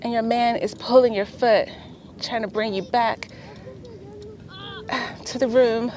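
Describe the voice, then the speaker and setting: Chatty woman with a bright, higher voice. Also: fairly even intonation, takes it slowly, a little hiss or hum. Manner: chatty, encouraging, checks in with "okay?" often. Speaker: vlogger leading beginner yoga. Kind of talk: casual instructional vlog. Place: outdoors on a beach.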